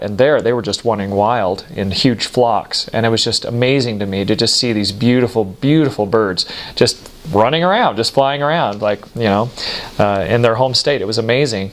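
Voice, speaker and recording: A middle-aged man from the United States telling casual stories about living abroad, rambling with lots of fillers and restarts and laughing at himself. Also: on the low side. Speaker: storyteller recalling life abroad. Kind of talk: casual anecdotal monologue.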